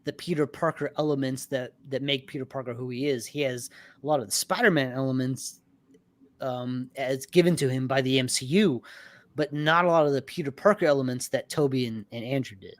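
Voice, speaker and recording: A man co-hosting a casual livestream chat, excitable, swearing freely and laughing often. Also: medium pitch, brisk, dry recording. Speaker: podcast co-host.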